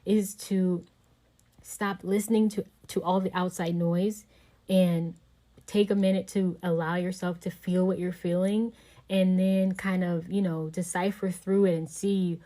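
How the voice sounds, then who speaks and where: A woman hosts a relaxed podcast conversation in a slightly low voice. She muses slowly and reflectively, wandering through her thoughts with plenty of casual fillers. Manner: reflective, meandering, many "you know" fillers. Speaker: podcast host.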